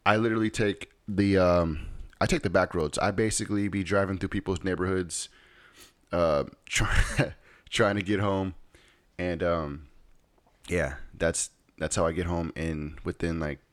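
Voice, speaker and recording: A deep-voiced man, a vlogger, tells a rambling story at home in a casual way, often checking in with his listeners and repeating "right?" The recording is dry.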